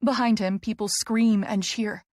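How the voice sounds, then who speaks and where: A woman's voice: mid-range voice, fairly even intonation, unhurried, darkish tone, dry recording, clean studio sound. Woman narrating an emotional audiobook. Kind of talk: first-person audiobook narration.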